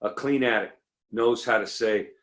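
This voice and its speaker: A middle-aged man speaking at a recovery meeting, telling comic stories with lively, acted-out quotes. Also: moderate pace. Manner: animated storyteller, acts out quotes in a higher voice. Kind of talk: comedic recovery talk.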